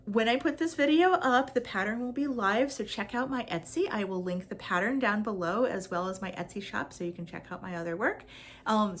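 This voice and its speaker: Chatty woman crafter. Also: lowish voice. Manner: chatty, upbeat, with frequent fillers. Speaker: crochet pattern designer. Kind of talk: casual crafting vlog chat.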